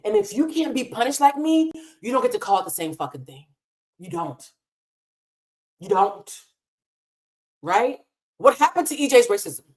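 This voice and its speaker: A woman's voice: on the high side, very animated, normal speed, pauses often, a little mellow. A woman hosting a live stream, talking in a casual, impassioned and emotional way and swearing freely. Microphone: desk mic in a hotel room.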